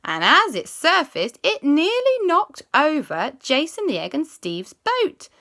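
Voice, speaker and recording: Lively, bright woman telling a children's story. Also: sits high. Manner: playful, chatty, with drawn-out hums. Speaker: storyteller host.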